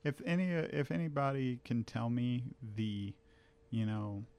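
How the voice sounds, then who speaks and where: A man co-hosting a casual sports podcast, giving blunt opinions in a halting way, with many fillers and restarts. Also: mid-range voice, expressive, a little mellow, smooth. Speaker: podcast co-host.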